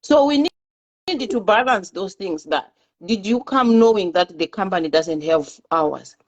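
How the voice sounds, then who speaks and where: A woman's voice: medium pitch, lively intonation, unhurried. A woman in a casual talk-show discussion, earnestly giving advice and often repeating her words. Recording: muffled lo-fi audio.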